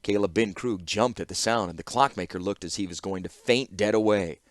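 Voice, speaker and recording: A man narrating a fantasy audiobook with expressive storytelling. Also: fairly low pitch, fairly quick, dry recording, clean studio sound. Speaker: audiobook reader.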